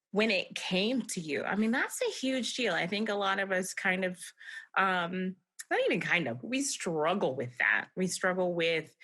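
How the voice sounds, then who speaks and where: A woman hosts a podcast interview in a bright, clear voice. She talks in a chatty, reflective way and laughs easily as she praises her guest. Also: mid-range voice. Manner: warm laughing, reflective, speaks of faith. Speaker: podcast host and mediator. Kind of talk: conversational interview.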